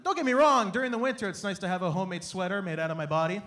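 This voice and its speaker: A young man from Canada doing an animated, playful stand-up comedy set on a stage, acting out his family in quick bits. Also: high-pitched. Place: comedy stage before a live audience.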